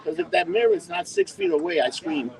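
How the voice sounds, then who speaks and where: A man's voice: on the high side, a little fast, vocal fry. A man co-hosting a podcast and joking around in a loose, profane way. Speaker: podcast co-host and bartender. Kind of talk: casual chat.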